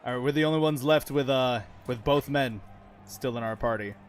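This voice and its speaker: A man's voice: medium pitch, moderate pace, a little hiss or hum. A man giving casual, chatty commentary over his own gameplay, swearing freely and laughing often as he talks to his viewers. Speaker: gaming channel host.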